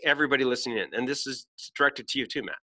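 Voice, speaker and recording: A man's voice: mid-range voice, rapid-fire, pushed and bright. A middle-aged man hosting a podcast, giving a blunt, emphatic motivational talk full of swearing. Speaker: podcast host.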